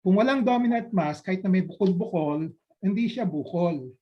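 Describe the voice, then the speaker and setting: A man's voice: high voice, expressive, fairly quick. Filipino-accented male doctor, patient explainer. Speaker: doctor giving a live talk. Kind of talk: informal medical Q&A lecture. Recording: dull lo-fi audio.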